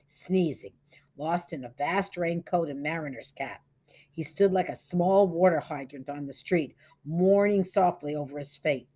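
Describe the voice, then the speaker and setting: Low, husky woman reading a story. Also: darkish tone. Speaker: narrator.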